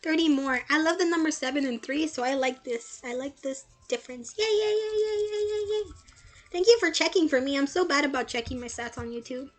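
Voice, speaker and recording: Chatty, bubbly young female streamer with a high voice, casual commentary. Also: a little fast, hardly any pauses, a bit bright, soft background music. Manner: chatty, bubbly, with many filler words.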